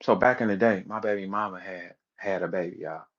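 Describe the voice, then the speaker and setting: A man's voice: deep voice, a little fast, dull audio. A man giving a casual, emphatic rant as a commentator, repeating words and acting out the people he quotes. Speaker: battle rap commentator.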